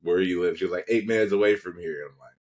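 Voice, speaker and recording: A man's voice: low-pitched, racing, darkish tone. A young man telling a rambling, profane story in casual podcast chat. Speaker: podcast co-host.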